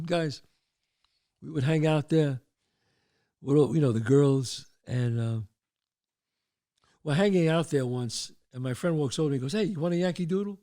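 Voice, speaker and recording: An older man hosting a show, telling stories casually and acting out the voices in them. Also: a little high. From the Bronx, New York. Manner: animated, acts out voices in his stories. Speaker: host. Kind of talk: casual storytelling.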